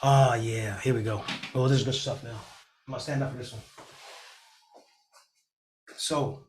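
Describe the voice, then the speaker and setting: A middle-aged man teaching a real estate class over a video call, energetic and motivational, often acting out panicked clients in a higher voice. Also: moderate pace, slight background noise.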